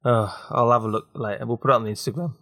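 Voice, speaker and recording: Brief: young podcast host, skeptical and sweary, dry close sound. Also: male voice, mid-range voice, steady tone, racing, a bit bright, no room sound. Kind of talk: casual chat.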